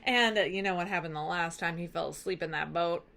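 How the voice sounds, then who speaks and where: Bright, animated woman teacher. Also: on the low side, brisk, vocal fry. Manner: animated, conversational storytelling. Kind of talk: recap lesson.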